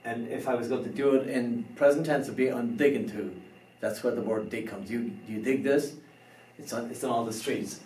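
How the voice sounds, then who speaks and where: A man teaching a beginner language lesson, slow and careful, spelling out words letter by letter. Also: medium pitch, darkish tone. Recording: roomy echo, somewhat far from the mic.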